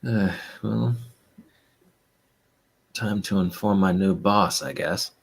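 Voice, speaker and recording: A man plays a tabletop game, answering in character with a dry, understated manner. His voice is very deep. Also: takes it slowly, vocal fry, slightly rough. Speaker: player. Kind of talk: in-character role-play.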